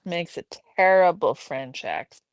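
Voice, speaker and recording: A woman hosting a casual livestream at home, chatting and reading out viewers' messages in a relaxed way. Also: lowish voice, measured pace, no echo. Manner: relaxed, reads chat aloud, chatty asides. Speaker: livestream host. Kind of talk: casual chat with live chat.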